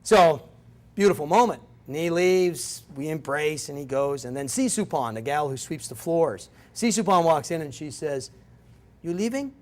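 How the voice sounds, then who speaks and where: A man's voice: a little high, moderate pace, hardly any pauses, darkish tone. A middle-aged man giving a guest lecture, telling stories in a rambling, self-interrupting way. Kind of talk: storytelling lecture. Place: lecture room.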